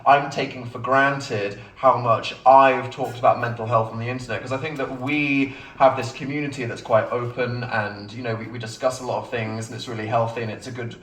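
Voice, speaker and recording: A lively man in his thirties chats from the stage at a book event, joking at his own expense and breaking into laughs. His voice comes across bright and clear. It is caught from out in the audience, so it sounds distant and roomy. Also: medium pitch, brisk, hardly any pauses, a little hiss or hum. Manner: chatty and self-mocking, breaking into laughs. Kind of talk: live on-stage Q&A chat. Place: bookshop event space with a live audience. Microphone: phone recording from the audience. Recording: echoey room taped from afar.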